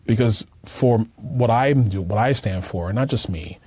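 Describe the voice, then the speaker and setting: A man answering in a political interview, measured and halting with frequent fillers. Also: on the low side, a little mellow, husky, no echo. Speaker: interview guest.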